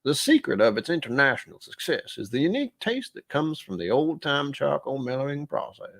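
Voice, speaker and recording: A man putting on the voice of an old Southern gentleman, reading a whiskey label in a slow, grand way. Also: medium pitch, big pitch swings, gravelly, voice pushed up, exaggerated voice. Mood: grandiose.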